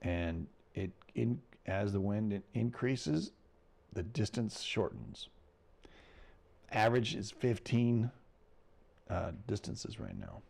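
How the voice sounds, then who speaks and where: American guy doing a laid-back space weather show, low gravelly voice that swings up and down a lot. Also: sing-song, takes it slowly, long pauses, a little mellow. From United States. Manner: loose, rambling, chuckles between remarks. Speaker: host of a space weather report. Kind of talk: casual livestream commentary.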